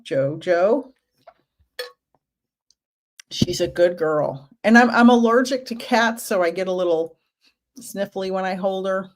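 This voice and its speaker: Gentle and reassuring, this spiritual medium in her fifties runs a relaxed livestream in a lowish voice, sprinkling her talk with chatty side comments.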